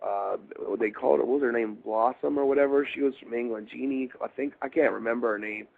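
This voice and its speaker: A man's voice: mid-range voice, fast talker, gravelly. A middle-aged man from Baltimore, a former wrestler, telling rambling, meandering stories in an interview. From Baltimore, USA. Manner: meandering, full of fillers and restarts. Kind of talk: rambling shoot interview storytelling. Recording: phone-like interview line.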